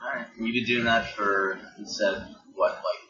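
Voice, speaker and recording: A man's voice: lowish voice, steady tone, unhurried, crowd noise. A man hosting a casual podcast chat, wry and teasing as he asks his guest questions. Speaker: podcast host. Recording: roomy, dull, noisy home podcast recording.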